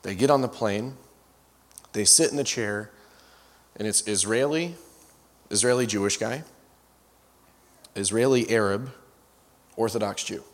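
A man's voice: lowish voice, a little slow, long pauses. Male guest preacher, anecdote-heavy sermon, self-correcting asides, long hall reverb. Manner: storyteller with frequent restarts and asides. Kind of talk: storytelling sermon.

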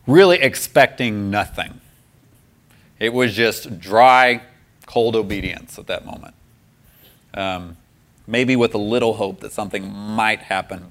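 A man with a bright, forward voice tells his faith testimony in an easy, self-deprecating way. He laughs often between his words and leans on fillers and restarts. In the quieter, reflective parts his voice drops soft and low. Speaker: speaker sharing a faith testimony. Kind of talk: personal testimony storytelling.

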